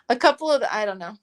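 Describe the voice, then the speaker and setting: A woman hosting a casual crochet club chat, playful and rambling, laughing often. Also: a little high. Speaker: host of a crochet club stream.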